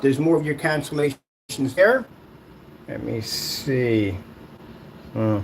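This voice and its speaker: A man's voice: mid-range voice, slow, pauses often. A man who makes screen paint, delivering a sarcastic, rambling online rant that taunts a rival.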